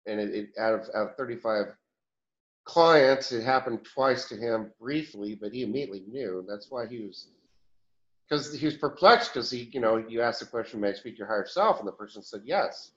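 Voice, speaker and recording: A man's voice: medium pitch, normal speed, a bit bright. Man rambling in a dull lo-fi recording. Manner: rambling, with restarts and chuckles. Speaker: channeled higher self answering questions. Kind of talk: channeling session Q&A.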